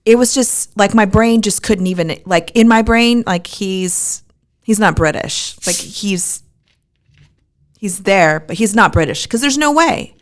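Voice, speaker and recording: A woman's voice: medium pitch, lively intonation, measured pace. A woman co-hosting a podcast, chatting casually in a rambling way with lots of "like". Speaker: podcast co-host. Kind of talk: casual chat about a film.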